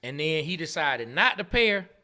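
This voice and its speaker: A man from Atlanta, co-hosting a casual sports and culture podcast, laughing often and repeating words when excited. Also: on the high side, normal speed. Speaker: podcast co-host.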